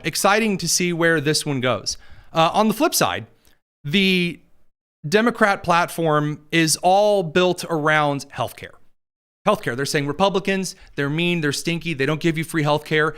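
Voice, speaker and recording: A man's voice: a little high, a little slow, a bit bright, smooth. A man hosting a political commentary show, talking in a sarcastic, mocking way.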